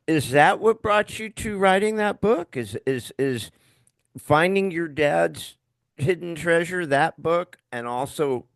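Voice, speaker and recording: Enthusiastic gravelly male podcast host. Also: a little high, lively intonation, slow, dry recording. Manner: warm, laughing, enthusiastic interviewer. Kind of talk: casual interview.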